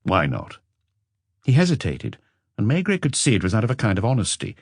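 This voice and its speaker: A man reading a detective novel aloud as an audiobook narrator, in a calm, measured way. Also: medium pitch, dry recording, clean studio sound. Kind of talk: scripted narration.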